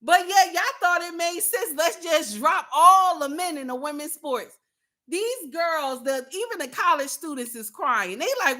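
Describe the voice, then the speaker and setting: A woman livestreaming casual commentary, speaking straight to her chat. Her voice sits high and has a bright, sharp edge. She hammers her points bluntly and repeats lines for emphasis, like a preacher. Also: expressive, a little slow. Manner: addresses viewers and chat directly. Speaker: livestream host.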